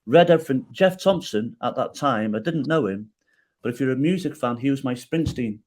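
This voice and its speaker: A middle-aged man telling his personal story as a podcast guest, animated and emotional, with many restarts and self-deprecating jokes. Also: mid-range voice, fairly quick.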